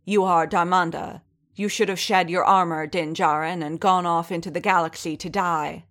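A woman reading the lines of a stern, dispassionate female warrior leader with a low, dangerous edge. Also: fairly even intonation, moderate pace, a bit bright, natural voice. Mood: menacing.

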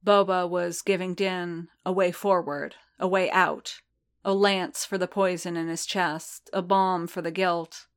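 Woman narrator, storybook reading, measured, unhurried, level intonation, lower voice. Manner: slow, measured, even reading. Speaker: audiobook narrator.

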